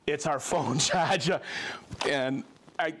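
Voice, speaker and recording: A man hosting a casual live tool demo stream, chatty and excitable, calling out viewers. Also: a little high, slow, a little hiss or hum. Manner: excitable, bursts into shouts of joy; chatty, reads viewer shout-outs.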